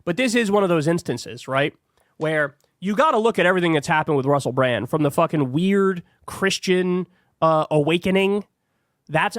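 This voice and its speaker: A man's voice: on the high side, animated, moderate pace, no room sound, studio quality. A man hosting a heated political commentary show, sarcastic and profane.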